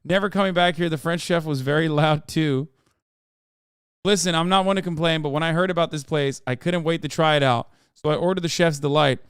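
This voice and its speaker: A man hosting a livestream in casual chat, reading viewer posts aloud in an offhand, sarcastic way with loud outbursts. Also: fairly high pitch, steady tone, fairly quick, clear, resonant tone, no room sound, clean studio sound. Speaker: livestream host.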